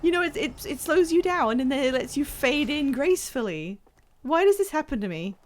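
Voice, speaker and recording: A woman streamer chatting casually and excitably while she plays, laughing at herself. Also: sits high, normal speed, slight background noise. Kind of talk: casual live-stream chat while gaming.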